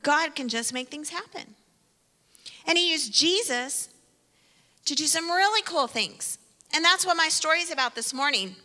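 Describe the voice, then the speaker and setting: A woman's voice: sits high, expressive, normal speed, long pauses, pushed and bright, long reverb tail. A woman giving a playful children's sermon with an object lesson, speaking directly to kids by name in a church sanctuary.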